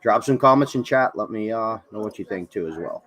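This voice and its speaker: A man hosts a casual online radio interview over a streamed call. His voice sits a little low, and he talks in an upbeat, slangy way. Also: animated, fairly quick, loud music behind the voice. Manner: upbeat, slangy, says "hell yeah". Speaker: radio show host. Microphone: streamed video call.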